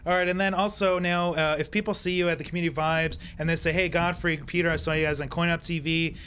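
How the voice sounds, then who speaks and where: A man's voice: a little high, steady tone, fast, a bit bright, slight background noise. A man with a Brooklyn accent hosting a live gaming show in an upbeat, joking way. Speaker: host. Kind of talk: live web show chat.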